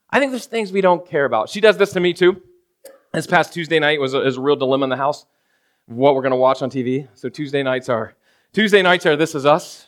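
This male preacher speaks on the high side and fairly quickly in a casual, conversational sermon. He often checks in with "right?" and plays out ordinary moments by voicing the people in them.

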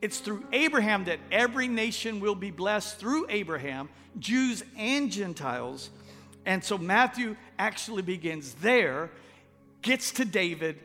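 A Texan pastor with a high, bright, forceful voice delivers a folksy, joking sermon in a conversational way. His words ring out with a long reverb through a church sanctuary, with faint music underneath. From Texas.

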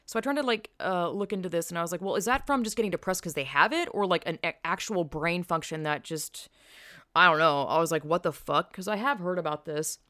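A young woman hosts a podcast, chatting casually on a headset mic, candid and profane as she drifts from tangent to tangent. Her voice sits on the low side and moves fairly quickly, sounding pushed and bright. The recording is studio quality with no echo.

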